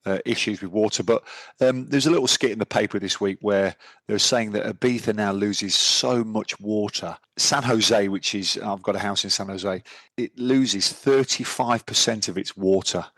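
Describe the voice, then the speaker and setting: A man's voice: lowish voice, moderate pace, a bit bright, no room sound. A middle-aged man co-hosting a podcast, chatting casually and rambling with restarts. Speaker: podcast co-host. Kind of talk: casual chat.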